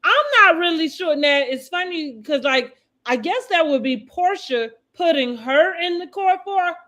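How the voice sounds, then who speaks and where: Host, woman, high bright voice, casual chat, loose restarts. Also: animated, unhurried. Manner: talks in loose restarts, quotes people in a dropped voice. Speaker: podcast host. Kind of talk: casual chat about reality TV.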